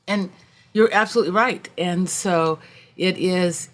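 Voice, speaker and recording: A woman executive coach appearing as a podcast guest, telling lively anecdotes and acting out the voices of people she met. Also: lowish voice, measured pace. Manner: storytelling, acts out quoted voices, warm and animated. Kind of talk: conversational interview.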